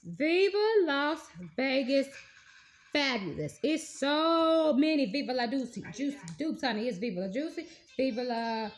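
High-voiced, gushing woman vlogger. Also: a little slow. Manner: animated, gushing, folksy slang. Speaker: beauty vlogger. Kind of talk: casual haul review.

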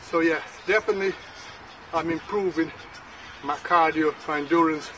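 A man's voice: fairly high pitch, moderate pace, recorded from a distance, noisy background. Breathless man counting workout reps. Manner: pumped-up self-talk between sets. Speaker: fitness vlogger.

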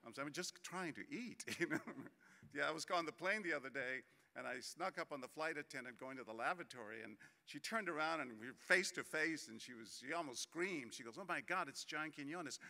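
Man, keynote speaker, very bright forceful voice, fairly high, long hall reverb. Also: fairly quick, vocal fry. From Texas. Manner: chatty, jokey storyteller turning earnest. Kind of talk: conference keynote speech. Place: large conference hall.

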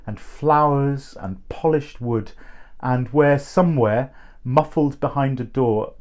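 Slow, measured male storyteller. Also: mid-range voice. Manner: measured, expressive. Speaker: reader of a short story. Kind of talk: storybook reading.

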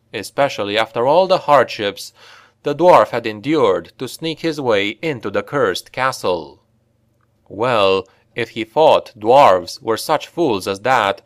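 A man narrating a dark fantasy story in a steady, measured way. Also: mid-range voice, dry recording, studio quality. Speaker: audiobook narrator.

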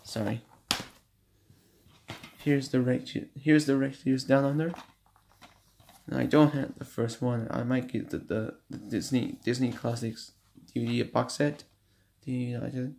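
A man at home casually showing off his DVD collection, reading out running times in a halting, stumbling way. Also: medium pitch, steady tone, vocal fry. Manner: shouts at noisy kids, then apologizes. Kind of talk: casual home video show-and-tell. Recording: faint background noise.

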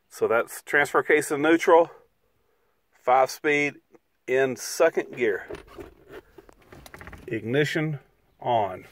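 A man's voice: medium pitch, takes it slowly, long pauses, a bit bright, a little hiss or hum. A man vlogging casually outdoors beside his RV, walking viewers through the steps in a folksy, chatty way. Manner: folksy, chatty, explains step by step. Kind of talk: casual how-to vlog.

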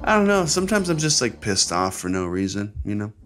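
A young American man hosts his own podcast, rambling casually with plenty of profanity and sarcasm in a solo monologue. His voice sits fairly low and moves in a sing-song way, fairly quick and a bit bright. Soft music plays in the background.

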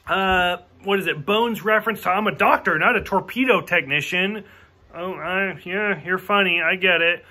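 In a casual movie review delivered at a moderate pace, a man with a bright, high voice rants openly and swears a lot. He keeps saying "like" as filler and performs the quoted lines as he goes.

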